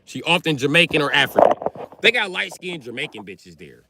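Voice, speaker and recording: A man's voice: a little high, big pitch swings, fairly quick, vocal fry, bright, forceful tone. A man hosting a livestream, ranting crudely and teasing his chat as he riffs off their comments. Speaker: livestream host. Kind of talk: profane comedic rant to chat.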